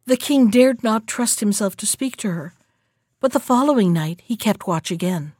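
A woman narrating a fairy tale in a steady, even storybook reading. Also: mid-range voice, normal speed, breathy edge, dry recording, studio quality.

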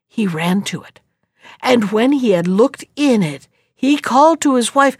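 A woman reading a fairy tale aloud in an expressive, unhurried storytelling manner. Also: a little high, husky, no room sound, studio quality.

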